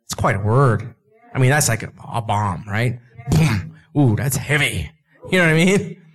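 A man's voice: mid-range voice, moderate pace. A man preaching a sermon, speaking conversationally and acting out dialogue from the scripture he reads. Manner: animated, acts out dialogue with God and Moses; conversational, with asides and laughs.

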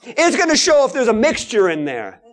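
Animated man preaching a sermon. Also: very high-pitched, normal speed. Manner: animated preaching, swinging from loud to hushed.

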